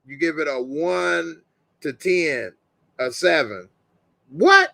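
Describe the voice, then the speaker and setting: A man's voice: on the high side, slow, creaky, fairly bright tone, no echo. A man hosting a live reaction stream, casually reading out viewer comments and ratings in a laid-back, chatty way.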